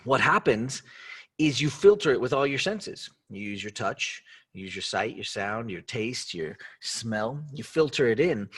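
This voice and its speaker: A man's voice: medium pitch, fairly bright tone, husky. A man hosting a motivational talk, upbeat and conversational, asking the listener many questions. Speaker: host.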